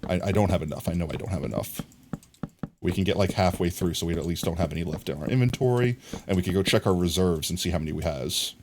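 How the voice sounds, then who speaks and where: A man's voice: sits low, fast, noisy background. An American man livestreaming a game from home, rambling casually and talking to his chat. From United States. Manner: rambling, chatty, talks to chat and reads it aloud. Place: home room with his dog.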